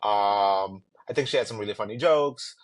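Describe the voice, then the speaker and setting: A man's voice: fairly low pitch, moderate pace. Blunt, swearing man on a podcast. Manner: blunt, shady, swears freely. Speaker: podcast co-host. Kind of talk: casual chat recapping a reality show.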